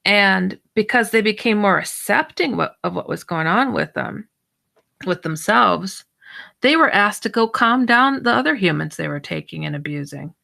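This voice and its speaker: A woman guest and paranormal researcher telling a personal story in an animated, rambling way, full of false starts, her pitch leaping up when she acts out her own reactions. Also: moderate pace, vocal fry. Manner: excitable, jumps high when acting out her own reactions. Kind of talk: animated personal storytelling in an online audio chat.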